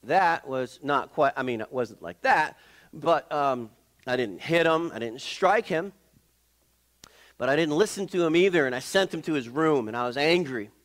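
Middle-aged pastor, man, a touch high-pitched, chatty sermon full of ums and restarts. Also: animated, fairly bright tone. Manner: conversational, halting with many fillers and restarts.

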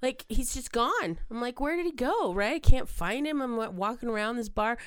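A woman hosting a podcast, telling a story in casual chat, animated and profane, laughing often. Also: fairly high pitch, normal speed, clear, resonant tone, dry recording, clean studio sound. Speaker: podcast host.

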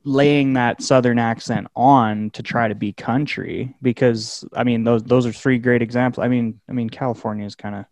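A man chats loosely on a podcast, circling back on himself and stressing his points. His voice is mid-pitched and sits very dry and close to the mic. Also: fairly even intonation, normal speed, hardly any pauses, a little mellow, dry recording. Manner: rambling, emphatic, swears casually. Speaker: podcast host. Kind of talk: casual chat.

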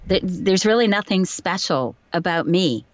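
A woman with a light received pronunciation English accent talks casually as an interview guest, modest and chatty, often giving examples. Her voice sits a little low. The sound is dry and a touch dull, like a remote call mic. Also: expressive, measured pace, dry recording. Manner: chatty, self-deprecating, explains with examples. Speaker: voice actor guest.

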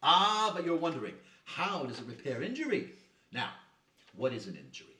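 An actor playing a pompous, smooth-talking huckster selling pills, with grand theatrical speech. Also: male voice, big pitch swings, a little fast, pushed and bright, distant mic, a little hiss or hum. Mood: grandiose. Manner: grandiose, theatrical sales pitch. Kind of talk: stage play acting. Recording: roomy stage heard from afar.

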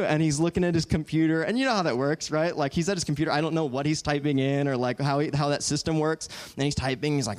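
Animated young man telling a story on stage. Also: fairly high pitch. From Southern California. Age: 20s. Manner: animated, joking, quick asides. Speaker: guest speaker. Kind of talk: storytelling talk to an audience.

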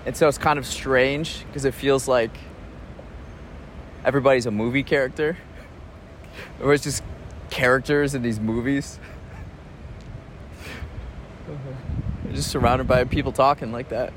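A man's voice: mid-range voice, unhurried, pauses often, a little hiss or hum. Laid-back man musing outdoors. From United States. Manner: relaxed and reflective, rambling with restarts and soft chuckles. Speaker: podcast host. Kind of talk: casual spoken travel diary.

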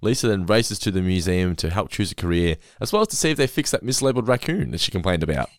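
Aussie podcast guy, animated low voice, dry close sound. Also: fast, dry recording. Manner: chatty, recaps with lively asides. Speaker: podcast host. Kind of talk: casual chat.

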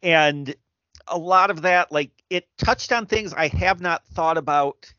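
A middle-aged man chatting casually, reflective and halting with many restarts. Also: a little high, sharp tone, no room sound. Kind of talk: casual chat. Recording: dry dull lo-fi sound.

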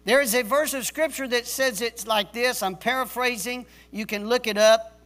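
A pastor with a very high, fairly bright voice preaches at normal speed during a church service. He's stern and forceful, hammering key words through repetition like a drill sergeant.

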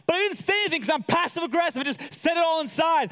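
A man preaching a sermon to a live audience, animated and acting out quoted voices. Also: racing, hardly any pauses, in a large hall. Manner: animated, acts out quotes with big pitch jumps. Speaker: pastor. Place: large hall with audience.

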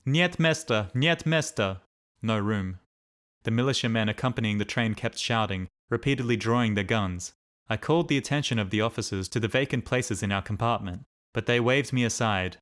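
A man narrating a diary as an audiobook in a steady, measured reading. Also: fairly low pitch, clear, resonant tone.

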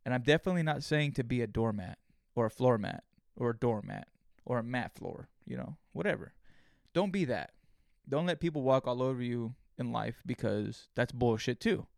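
A man talks alone into the mic in a loose, meandering way, peppering his thoughts with swearing, fillers and false starts. His voice is clear and smooth, in a middle pitch. The sound is dry and close, with no room around it. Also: moderate pace, a little mellow, no room sound. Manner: rambling, profane, many fillers and restarts. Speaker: podcast host. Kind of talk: casual solo monologue.

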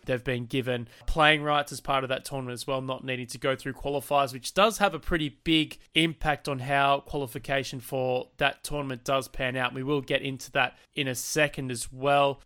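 A man hosting a podcast, briskly running through news items from his notes. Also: medium pitch, sharp tone, clear, resonant tone. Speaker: podcast host.

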